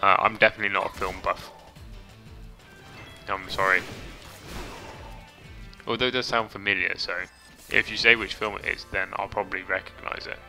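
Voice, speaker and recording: Gravelly man streaming a game. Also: on the low side, steady tone, normal speed, long pauses, pushed and bright, faint music behind. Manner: chatty, reads chat aloud, swears casually. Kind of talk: casual gameplay commentary.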